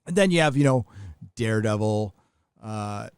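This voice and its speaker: A man's voice: fairly low pitch, animated, normal speed, smooth, dry recording, clean studio sound. A middle-aged man from the United States hosting a live show, talking bluntly and casually with profanity and frequent restarts. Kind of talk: casual livestream commentary.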